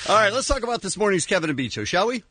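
A man's voice: sits high, big pitch swings, racing, over a noisy crowd. A man hosting a radio morning show, teasing his co-hosts in casual banter and running the segments from the studio. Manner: teasing, jokey, runs the segments.

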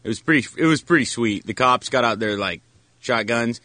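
This is a man who is a regular on a morning radio show, laid-back and offhand. He talks quickly in a bright, forward voice. The sound is dry and close. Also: medium pitch, no echo. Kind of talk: casual on-air banter.

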